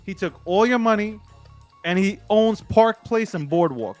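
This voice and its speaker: A man co-hosting a late-night talk show, his voice sitting somewhat high for a man. He talks in a slangy, emphatic, rambling way, and faint music plays underneath. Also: expressive, measured pace. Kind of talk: casual talk-show commentary.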